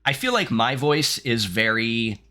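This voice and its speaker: A man's voice: mid-range voice, very animated, a little slow, pushed and bright. A young man from Southern Ohio, a streamer chatting casually with his chat while playing a game. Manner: chatty, reflective, reads game text aloud. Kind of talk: casual gameplay chat reading chat aloud.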